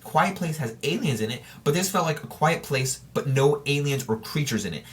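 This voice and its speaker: A man's voice: a little high, lively intonation, normal speed. A man hosting a solo podcast in casual chat, talking straight to his listeners and rambling, with frequent restarts and self-corrections. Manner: informal and chatty, addressing listeners directly. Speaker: podcast host.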